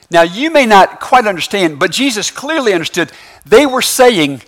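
Lively high-voiced pastor preaching. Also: male voice, normal speed. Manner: lively, conversational preaching with constant "right?" asides; casual slangy phrasing. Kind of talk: sermon. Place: church sanctuary with congregation.

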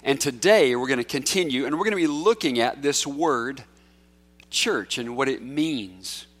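A man's voice: mid-range voice, lively intonation, moderate pace, a bit bright. A male pastor preaching a sermon in a church, talking conversationally and coaxing children forward in a playful way. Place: church sanctuary.

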